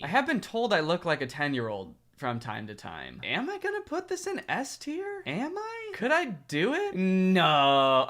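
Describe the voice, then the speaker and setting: Lively, bright-voiced young man vlogging. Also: on the high side. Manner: wry, self-mocking, chatty. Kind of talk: casual commentary ranking pictures.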